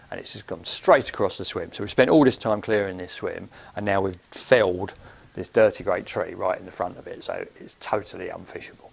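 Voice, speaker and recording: A man's voice: deep voice, gravelly, husky. A middle-aged man, telling a rambling, chatty anecdote full of ums on his podcast. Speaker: podcast host. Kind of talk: anecdotal storytelling.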